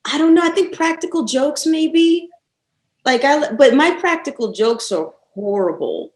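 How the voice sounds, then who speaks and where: A woman guest on a casual podcast interview, telling stories lively and laughing often. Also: high voice, measured pace, echoey room, low-quality recording.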